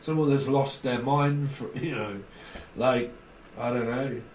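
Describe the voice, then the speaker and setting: A man's voice: medium pitch, steady tone, a little slow, a little mellow, slight background noise. Guy doing a tarot reading, rambly and sweary, sounds far off in an echoey room. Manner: rambling, blunt, swears freely, acts out imagined quotes. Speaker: tarot reader. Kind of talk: casual tarot reading monologue.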